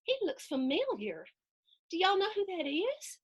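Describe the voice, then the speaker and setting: A woman reads a picture book to children, her high voice swooping up and down with excitement. She takes her time, pausing to ask the kids questions and act out sound effects. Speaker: storytime host reading a picture book. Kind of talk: children's read-aloud. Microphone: video stream.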